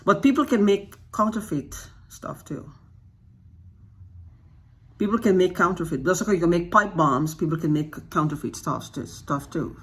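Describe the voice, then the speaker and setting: Unscripted and agitated, a YouTube channel host speaks in a mid-pitched voice that is husky and slightly rough. He fires off rhetorical questions one after another. Often his sentences stall before restarting, and he repeats key phrases for emphasis.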